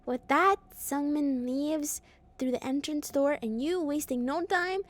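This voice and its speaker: A woman streamer reading a story game aloud, breaking off into playful, expressive reactions and jokes about her own reading. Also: high voice, a little slow, heavy background noise.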